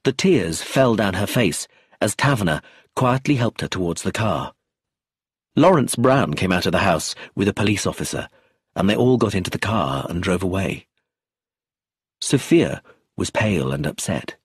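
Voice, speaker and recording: A man's voice: sits low, lively intonation, normal speed, breathy edge, no room sound, studio quality. A man narrating an audiobook in the first person, telling the story expressively.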